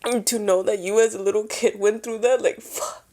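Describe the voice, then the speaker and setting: A woman's voice: medium pitch, steady tone, normal speed, darkish tone. A woman co-hosting a podcast, reacting with strong emotion to a friend's story and swearing freely. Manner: emotional, swears, lots of feeling in the voice. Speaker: podcast co-host. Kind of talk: casual chat.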